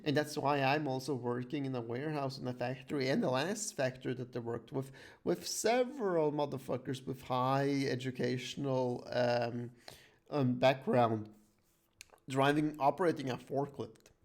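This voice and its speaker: A man's voice: medium pitch, normal speed. A man hosting a casual podcast chat, ranting emphatically with a lot of swearing. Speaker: podcast host.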